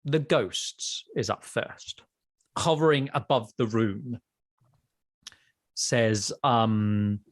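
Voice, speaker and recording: Slow, hesitant male game master. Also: mid-range voice. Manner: hesitant, many ums. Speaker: dungeon master. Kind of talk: narrating a tabletop game.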